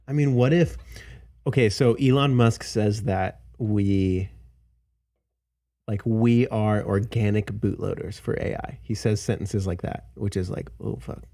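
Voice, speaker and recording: A man's voice: fairly low pitch, unhurried, vocal fry, mellow, dry recording, studio quality. A man hosting a podcast, casually musing through a thought experiment with many fillers. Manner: musing, speculative, thinks aloud with fillers. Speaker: podcast host. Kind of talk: casual chat.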